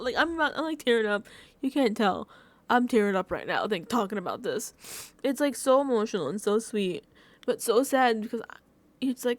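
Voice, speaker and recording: Gushing, lively higher-voiced woman vlogger. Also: fast, no room sound. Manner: effusive, emotional, filler-heavy with frequent "like"; laughs between phrases. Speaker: TV recap vlogger. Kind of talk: casual reaction recap.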